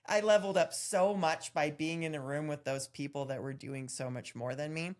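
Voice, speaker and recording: Low-voiced woman, candid and animated. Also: a little fast, hardly any pauses. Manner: candid, animated storytelling with laughs. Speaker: podcast co-host. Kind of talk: casual chat.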